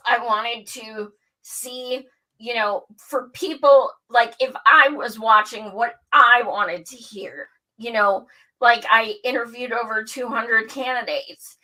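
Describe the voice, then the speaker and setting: Bright, profane woman host. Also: on the high side, low-quality recording. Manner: candid and profane, animated storytelling. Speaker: show host. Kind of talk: casual chat.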